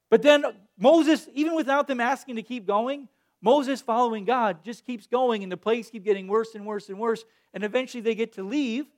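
A man preaching a sermon, reading scripture and then retelling it in a lively way, acting out the quoted voices. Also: extremely high pitch, a little fast. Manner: animated, acts out quoted voices. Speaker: pastor.

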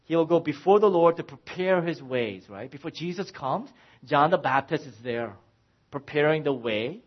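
A man in his forties preaching a sermon as a pastor, telling stories with lively swings in his voice. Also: normal speed. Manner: animated storytelling, pitch rising and falling widely. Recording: dull lo-fi sound.

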